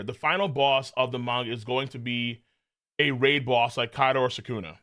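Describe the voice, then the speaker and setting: A man streaming a live manga reaction, talking in an animated, profane way with lots of laughing asides. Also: mid-range voice, moderate pace, no echo, studio quality.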